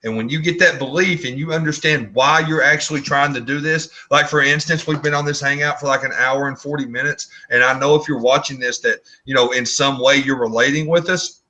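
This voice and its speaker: A man with a very bright, sharp voice gives an earnest motivational pitch from an online video call. He talks bluntly, stumbling and repeating words as he pushes his point. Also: steady tone, fairly quick, hardly any pauses, low-quality recording. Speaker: co-host of online business hangout.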